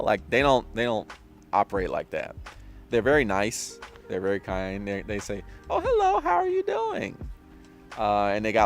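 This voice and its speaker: A man with a low, gravelly voice talks through a casual discussion outdoors, stumbling over fillers and restarting his sentences. He laughs often between thoughts. Faint music sits under the recording. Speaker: discussion host. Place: outdoors, drizzling.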